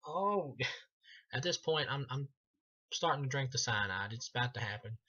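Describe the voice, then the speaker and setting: A man's voice: mid-range voice, moderate pace, pushed and bright, lo-fi sound. A man giving a casual, profane movie review, sarcastic and laughing often as he retells the plot.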